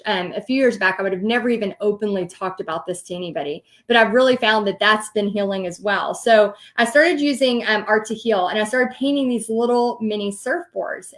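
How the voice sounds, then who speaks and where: A woman in her thirties with a Southern US accent, hosting and telling a personal story in a chatty, animated way with many ums. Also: medium pitch. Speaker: host. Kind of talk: casual storytelling livestream.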